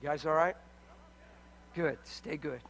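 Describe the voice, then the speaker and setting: A man's voice: a little high, measured pace, fairly bright tone. A man preaching a sermon in a large hall, exuberant and emphatic, often breaking into laughter. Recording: reverberant hall.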